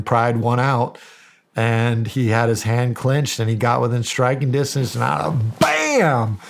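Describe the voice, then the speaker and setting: A middle-aged American man telling a story in a podcast interview, acting out the quoted dialogue with animation. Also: medium pitch. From United States. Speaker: guest, county sheriff.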